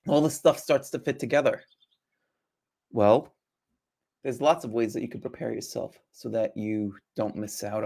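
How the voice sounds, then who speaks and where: A man's voice: medium pitch, gravelly. A man hosting a live trading stream, chatty and casual, asking rhetorical questions and greeting viewers as they join.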